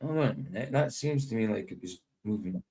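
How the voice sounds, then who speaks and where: A man's voice: lowish voice, expressive, fast, warm tone, a little hiss or hum. A man hosting a live stream in casual, rambling chat, often chuckling and talking to himself.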